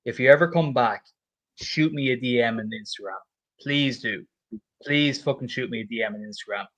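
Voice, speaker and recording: A man's voice: medium pitch, moderate pace, fairly bright tone. A man in casual chat, talking emphatically and swearing as he praises a welcome.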